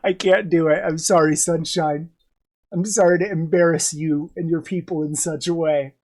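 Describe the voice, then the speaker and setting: A woman's voice: sits low, steady tone, moderate pace, a little mellow. A woman streamer with a cold, chatting casually on a livestream, joking and swearing as she rambles. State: sick with a cold.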